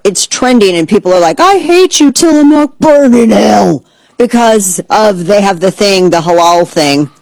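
A woman hosting a talk show, ranting in a sarcastic, animated way and slipping into mocking voices. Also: fairly low pitch, no room sound, poor audio. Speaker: podcast host. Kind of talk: casual opinion commentary.

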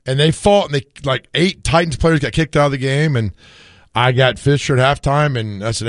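A man's voice: mid-range voice, normal speed, dry recording. Man, sports radio co-host, laughing storyteller, worn voice, dry studio sound. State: voice worn from screaming. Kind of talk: casual sports radio chat.

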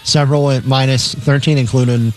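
A man's voice: mid-range voice, steady tone, brisk. A man co-hosting a sports radio show, reading games and odds in a matter-of-fact way. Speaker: co-host reading betting lines. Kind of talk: casual sports radio chat.

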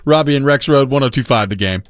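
A man's voice: medium pitch, quick pace, no echo, clean studio sound. A man co-hosting a sports radio show, teasing and laughing in casual banter. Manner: easygoing, teasing, laughs often. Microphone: studio microphone.

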